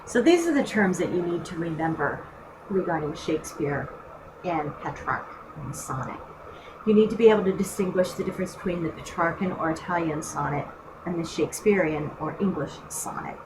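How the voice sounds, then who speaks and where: A woman recording a screencast lecture, explaining poetry in a measured way and reading a poem aloud. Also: on the low side, lively intonation, noisy background. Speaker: teacher.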